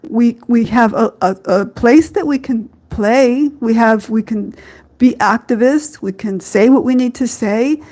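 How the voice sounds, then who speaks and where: A woman's voice: a little high, darkish tone. A woman hosting a live-streamed faith podcast, talking earnestly and rambling a little, with frequent fillers and small laughs. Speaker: podcast host.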